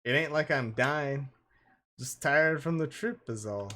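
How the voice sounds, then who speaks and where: A man's voice: mid-range voice, measured pace, bright, forceful tone, voice pushed up. A man voicing a wheezy, stubborn old grandmother with a country drawl. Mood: urgent.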